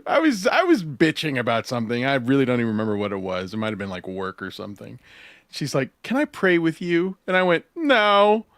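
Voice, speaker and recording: A man hosting a podcast, telling animated anecdotes in casual chat and laughing as he goes. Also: mid-range voice, quick pace, no room sound, studio quality. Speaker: podcast host.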